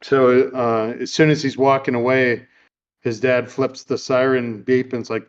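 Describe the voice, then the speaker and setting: A man hosting a casual chat, recapping a movie in a relaxed, rambling way with lots of fillers. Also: medium pitch, moderate pace, smooth, muffled recording. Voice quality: easygoing, rambling with many fillers. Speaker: podcast host. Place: home room.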